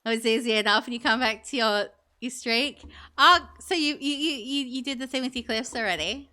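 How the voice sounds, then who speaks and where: Woman streamer, bright and fairly high, rambling casual commentary while gaming. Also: a little fast. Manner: chatty, thinks aloud, many fillers.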